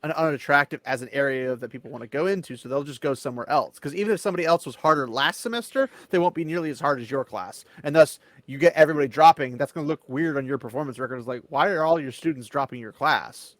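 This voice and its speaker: A man's voice: medium pitch, fast talker, hardly any pauses, dry recording. Rambling man in a dry room. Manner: rambling, emphatic storytelling. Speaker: panelist. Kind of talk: casual chat.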